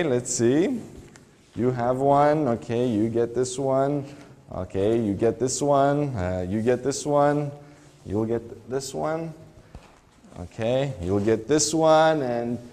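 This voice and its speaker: A man's voice: a little high, a little mellow, in a large hall. A man teaching an English lesson in a school classroom, patiently asking the class one question after another. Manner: patient, asks many questions.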